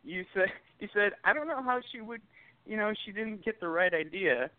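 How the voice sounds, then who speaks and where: A man's voice: high-pitched, animated, normal speed, no room sound. A young man co-hosting a podcast, teasing and ribbing his friend in casual chat. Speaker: podcast co-host. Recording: dry tinny phone-like sound.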